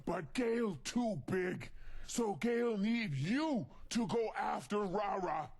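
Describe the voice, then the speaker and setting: An actor playing a hulking, angry male mutant brute in a video game, who talks bluntly in broken grammar with a gravelly, husky voice. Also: high-pitched, lively intonation, a little mellow, full character voice. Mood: demanding. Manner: blunt, threatening, slow and heavy.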